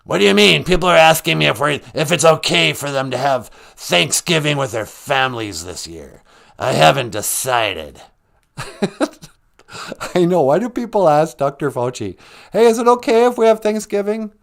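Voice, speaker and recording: A man's voice: on the high side, expressive, normal speed, creaky, a bit bright. A man doing an impression of an officious older male health doctor calling in to a comedy podcast, lecturing in an earnest, fussy way.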